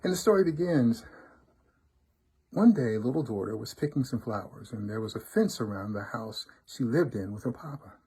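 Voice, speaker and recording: A man's voice: lowish voice, brisk, hardly any pauses, breathy edge. Man reading a folk tale aloud. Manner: expressive, rhythmic storytelling. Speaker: storybook reader, fraternity member.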